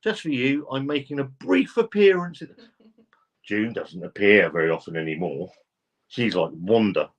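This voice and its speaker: Male livestream host, lowish voice, casual chatter, reads the comments aloud, swears freely. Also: expressive, normal speed. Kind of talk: casual live chat reading comments.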